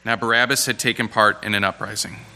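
Male scripture reader, crisp bright voice, measured delivery, echoing hall. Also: lowish voice, steady tone. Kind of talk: reading scripture aloud.

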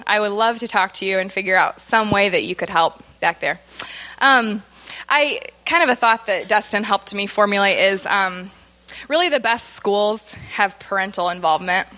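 A woman with a bright, clear voice addresses a church congregation about children's ministry. She talks in a chatty way, laughs easily and gets emotional. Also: medium pitch, moderate pace. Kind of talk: church announcements. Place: church sanctuary.

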